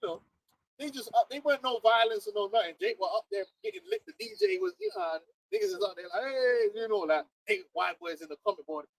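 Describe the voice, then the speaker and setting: Animated high-pitched London man, gravelly. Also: fast, no room sound, rough recording. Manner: animated, laughing, mocking voices. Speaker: preacher. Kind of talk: casual group discussion.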